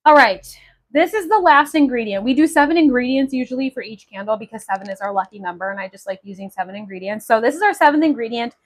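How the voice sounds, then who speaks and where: A woman's voice: fairly high pitch, expressive, quick pace, poor audio. Chatty, upbeat woman livestream host. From Maui, Hawaii. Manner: chatty, enthusiastic, many fillers. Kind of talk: casual livestream chat.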